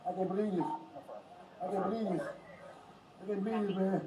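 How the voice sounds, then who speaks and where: A man's voice: high-pitched, fairly even intonation, a little fast, warm tone, recorded from a distance. A man in distress, out of breath, pleading and repeating short phrases outdoors on a street, caught on a body camera. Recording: noisy echoey body camera audio.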